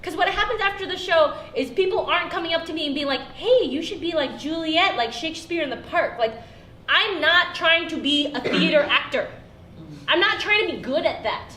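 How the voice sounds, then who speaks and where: A woman performer answering audience questions after her show, telling lively stories and acting out her family's lines. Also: high-pitched. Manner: animated, acts out family quotes, laughs often. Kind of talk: storytelling in a post-show talkback. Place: theater, live audience. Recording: echoey hall, faint noise.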